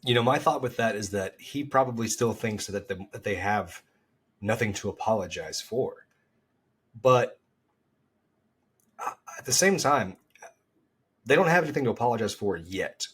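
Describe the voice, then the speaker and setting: A man co-hosting a golf podcast, chatting in an animated, rambling way with frequent restarts. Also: lowish voice, normal speed, pauses often, slightly rough. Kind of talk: casual chat.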